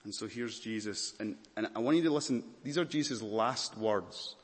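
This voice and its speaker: A man's voice: lowish voice, normal speed, long reverb tail. A man preaching a dramatic sermon in a church, questioning the congregation intently.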